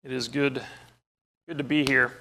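A male preacher with a gravelly voice delivering a sermon. He tells a story first, then teaches earnestly and emphatically, quoting scripture. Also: medium pitch, little pitch movement, moderate pace, bright, forceful tone, slight background noise.

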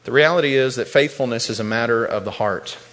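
In a church sanctuary, a pastor delivers an earnest sermon, repeating words whenever he stresses a point. His mid-range voice is a bit bright and he talks fast. Long reverb from the large hall fills the recording.

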